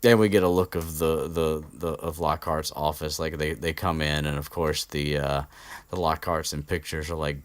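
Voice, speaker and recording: Deep-voiced man rambling casually. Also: steady tone, moderate pace, dry recording. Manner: rambling, many fillers and restarts, swears casually. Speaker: podcast host recapping a book chapter. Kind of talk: casual unscripted chat. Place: indoor room with an air conditioner.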